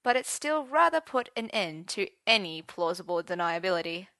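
A woman reading a romance story aloud, expressive and switching voices for each character. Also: on the low side, moderate pace, dry recording, studio quality. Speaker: narrator. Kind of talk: audiobook narration of romance fiction.

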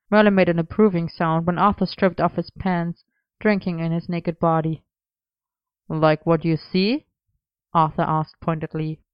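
A woman reading a story aloud in steady, even narration. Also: lowish voice, smooth, no room sound. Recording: slightly dull, dry close recording.

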